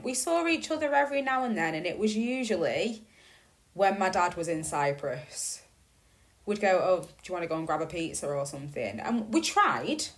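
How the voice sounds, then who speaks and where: A woman speaks slowly and deliberately, dwelling on each phrase, and her pitch swings widely when she leans on a point. She tells a personal story bluntly, with casual swearing and sudden bursts of emphasis. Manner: candid and profane, swinging between slow reflection and bursts of emphasis. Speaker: podcast host.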